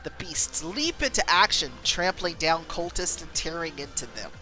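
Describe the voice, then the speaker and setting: A woman streamer narrates a story game out loud, her voice bright and lively. Faint music sits behind her. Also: deep voice, low-quality recording. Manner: animated, quick reading with voices. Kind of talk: reading a story game aloud.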